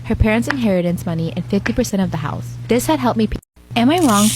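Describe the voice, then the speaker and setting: A woman reading out a personal forum story in a flat, quick recital. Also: mid-range voice, background noise. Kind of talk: rapid scripted narration.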